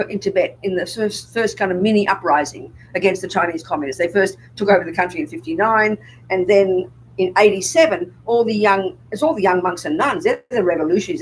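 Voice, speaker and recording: A woman's voice: medium pitch, a little hiss or hum, poor audio. An older woman, a Buddhist nun, giving a public dharma talk and pressing her audience with rhetorical questions.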